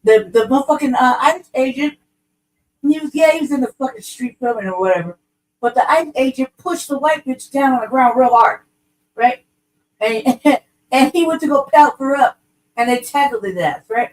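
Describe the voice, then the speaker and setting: A woman's voice: sits high, moderate pace. A woman co-hosting a casual podcast discussion, ranting bluntly with profane street slang. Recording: voice distant from the mic.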